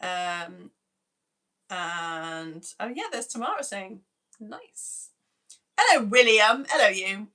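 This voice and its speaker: A woman's voice: mid-range voice, animated, slow pace, pauses often, sharp tone. A woman in her thirties, a teacher, chatting on a live stream and greeting children by name in a bubbly, self-mocking way. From United Kingdom. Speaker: teacher reading out viewer messages.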